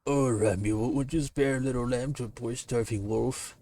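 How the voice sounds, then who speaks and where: A man's voice: medium pitch, fairly even intonation, moderate pace, dark tone, close to an everyday voice. A man voicing a sly, hungry male wolf in a playful dramatic reading of a comic, whiny and theatrically pleading. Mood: wheedling.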